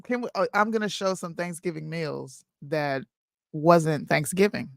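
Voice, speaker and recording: A woman co-hosting a live talk show, talking in a slangy, animated, opinionated way. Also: sits low, a little slow, gravelly, no echo, studio quality. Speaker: co-host. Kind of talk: casual chat.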